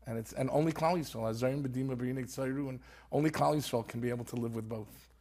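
Husky earnest rabbi telling a story. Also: male voice, mid-range voice, quick pace, a little mellow. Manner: earnest, peppers speech with Hebrew terms. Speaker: author guest. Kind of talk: storytelling in conversation.

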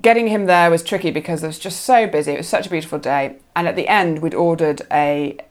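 A young woman guest chatting casually, telling an animated story and laughing often. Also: deep voice, quick pace. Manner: animated, laughing often, acts out quoted voices.

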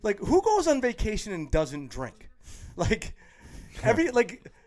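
Male podcast host, slightly high voice, excitable and laughing, casual chat. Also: measured pace. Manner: excitable, laughs often, stammers and restarts.

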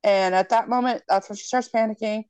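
Casting: young woman, podcast co-host, lively storyteller who swears freely, dry close sound. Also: a little high, fairly quick, clean tone, no echo. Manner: animated storyteller, swears freely, acts out lines. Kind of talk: casual chat, retelling a horror movie.

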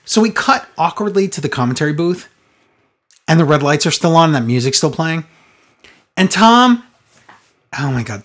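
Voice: mid-range voice, slightly rough. A podcast host in loose, casual chat, recapping a show with biting sarcasm. The delivery is exasperated and mocking, and often drags out the words for effect. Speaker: podcast co-host reviewing wrestling.

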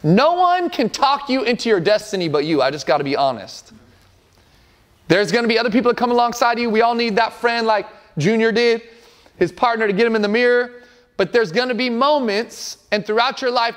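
Earnest high-voiced male pastor. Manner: earnest, emphatic, repeats phrases for effect. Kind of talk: sermon.

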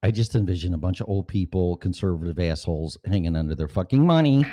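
Man, Chicago accent, low pitch, lively swings, sarcastic, profane, rambling. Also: quick pace, hardly any pauses. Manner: profane, sarcastic, jumps between jokes and voices. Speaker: vlogger. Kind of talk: casual rambling monologue.

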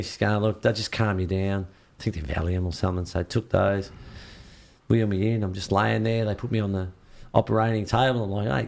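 Gravelly man telling a story. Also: mid-range voice. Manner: lively, acts out what others said. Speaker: interview guest. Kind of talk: casual storytelling.

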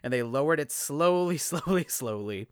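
A man's voice: a little high, animated, moderate pace, clean tone, dry recording. Chatty, laughing podcast man. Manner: chatty, laughs often, rambling. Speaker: podcast co-host, fitness instructor. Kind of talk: casual chat.

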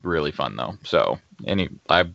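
A man's voice: very deep voice, big pitch swings, moderate pace, vocal fry, a bit bright, no room sound, muffled recording. A man guesting on a casual video game podcast, teasing and laughing at himself. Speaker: guest co-host. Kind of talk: casual chat.

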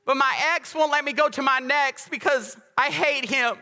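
A man's voice: very high-pitched, normal speed, hardly any pauses, pushed and bright. A man preaching a sermon to his congregation, talking emphatically and conversationally and asking them questions. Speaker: pastor. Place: large church sanctuary. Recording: echoey church hall.

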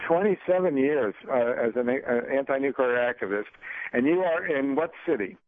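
A man's voice: medium pitch, animated, no room sound. Casting: male talk-radio host, hesitant and folksy, stop-start delivery, lo-fi phone-band audio. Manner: halting, many ums and uhs, folksy. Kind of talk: casual radio interview. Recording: dry, tinny phone-like broadcast audio.

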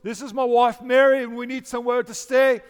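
A man voicing a small boy playing Joseph in a church play, in a put-on English accent, high and loud. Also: little pitch movement, a little fast, smooth, big-room sound. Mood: earnest.

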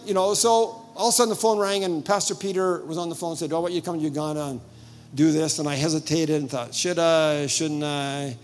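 High-voiced older man preaching. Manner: animated storytelling, acting out dialogue with sudden loud bursts. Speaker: visiting preacher. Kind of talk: sermon with personal stories.

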